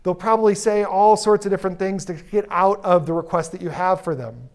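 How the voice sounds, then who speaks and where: A man giving a live keynote talk on stage, energetic and playful, teasing and drawing responses from his audience. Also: high voice, brisk. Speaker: keynote speaker. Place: conference stage before an audience.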